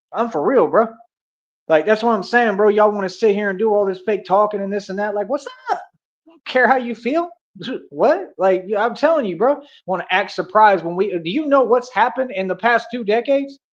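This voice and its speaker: A man's voice: sits high, a little fast, lo-fi sound. A young man ranting on a livestream, boastful and confrontational, heavy with street slang. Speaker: livestream host.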